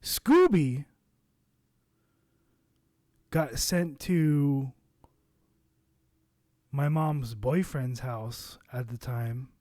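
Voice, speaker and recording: A man telling an anecdote to camera in a loose, rambling way, full of fillers and casual cursing. He talks slowly at a mid pitch, and the sound is close and dry. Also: expressive, darkish tone, no echo. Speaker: vlogger.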